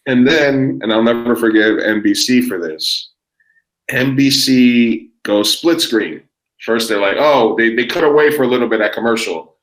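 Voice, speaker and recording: New guy in his 40s rambling through a story, swears a lot, mid pitch. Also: normal speed, a bit bright, rough recording. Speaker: podcast guest. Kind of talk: casual chat.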